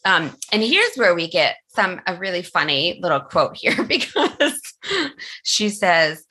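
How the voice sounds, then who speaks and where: A woman's voice: on the low side, very animated, a little slow, sharp tone, slightly rough. A woman co-hosting a podcast, recapping a book chapter in casual chat and laughing often as she goes. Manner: recaps the story with frequent laughs. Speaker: podcast co-host.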